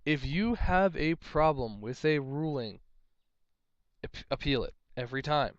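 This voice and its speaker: A young man talks through casual advice as a tournament judge, rambling and exasperated, circling back over his own points. His voice sits a little high and comes through smooth and clear. The recording is dry and slightly dull, like a cheap lo-fi mic. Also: expressive, a little slow, dry recording. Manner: rambling, exasperated, repeats himself.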